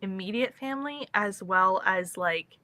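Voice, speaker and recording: A woman's voice: mid-range voice, a little slow, sharp tone, no room sound. A woman co-hosting a casual chat, telling a story with animation. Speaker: co-host. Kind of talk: casual chat on a video call.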